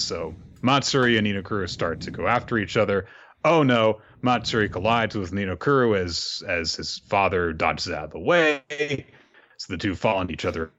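Low-voiced man casually recapping an episode. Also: fairly bright tone, muffled recording. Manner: chatty, laughs while retelling scenes. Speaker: podcast host recapping an anime episode.

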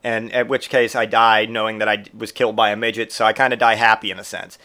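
A man's voice: fairly low pitch, fast talker. A man hosting a podcast, rambling and swearing through a comic monologue, getting over a cold. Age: adult parent who grew up in the eighties. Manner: profane, rambling and animated, with mock voices for quotes. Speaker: podcast host. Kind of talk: casual comedic monologue.

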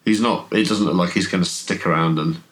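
A man running a tabletop horror game as game master, telling the scene in a relaxed, hesitant way with many fillers. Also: deep voice, brisk, slight background noise. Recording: podcast audio.

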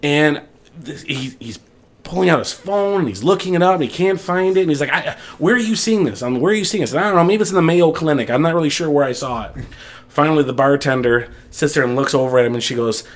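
A man co-hosting a podcast, telling a casual story with lots of quoted back-and-forth dialogue. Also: on the high side. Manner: fast, animated anecdote-telling with quoted dialogue. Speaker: podcast co-host.

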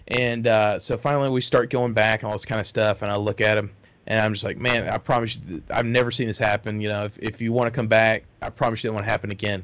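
A man with a drawl spins a rambling, profanity-laced story in casual podcast talk, jumping into the voices of the people he quotes. His voice sits mid-pitch. The recording is dry and a little muffled. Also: brisk, fairly bright tone, no room sound. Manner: rambling, heavy swearing, acts out quotes. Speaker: podcast host telling a story. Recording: dull dry close mic.

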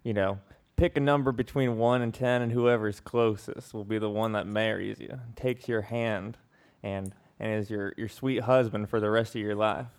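A man's voice: fairly low pitch, steady tone, normal speed, a little mellow, natural voice. A man putting on a Southern accent as a folksy, mock-solemn adviser. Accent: put-on Southern US.

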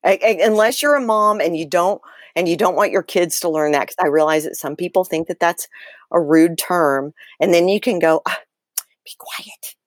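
A middle-aged woman, excitable and animated, talking casually as a guest on a faith podcast. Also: fairly low pitch, moderate pace, no room sound, clean studio sound.

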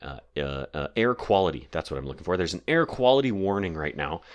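Deep-voiced man hosting a podcast. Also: sing-song, a little fast. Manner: rambling, filler-heavy, digressive. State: sore throat. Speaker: podcast host. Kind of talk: casual solo podcast chat. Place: home basement.

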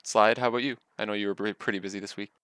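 Low bright-toned man on a podcast. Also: steady tone, racing. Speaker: podcast co-host. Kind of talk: casual gaming podcast chat.

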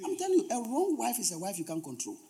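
A pastor delivers a sermon in a strikingly high voice that leaps around with animated, lively inflection. He is emphatic, repeats phrases to drive points home and slips in humorous asides to his congregation. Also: fast talker, a little hiss or hum.

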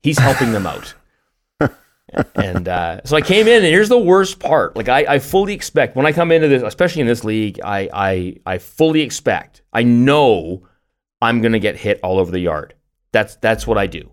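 A middle-aged man co-hosting a podcast, telling stories in an animated way with lots of restarts and laughs. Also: mid-range voice, moderate pace. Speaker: podcast co-host. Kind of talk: casual chat.

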